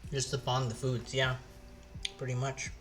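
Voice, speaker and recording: A man casually chatting on his cooking live stream, thinking aloud with halting pauses as he tastes the food. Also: medium pitch, level tone, over music.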